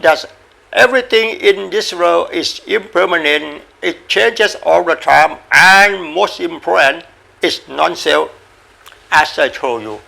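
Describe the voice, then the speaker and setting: Gravelly, bright-voiced man giving a dharma talk. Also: fairly high pitch. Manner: repetitive, halting, coughs and says sorry, playful animal sounds. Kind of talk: informal spoken dharma talk.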